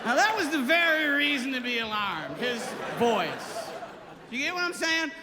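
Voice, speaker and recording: A man's voice: extremely high pitch, big pitch swings, moderate pace. A man performing a stand-up comedy set on a stage before a live audience, with erratic, yelping outbursts. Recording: live hall with audience noise.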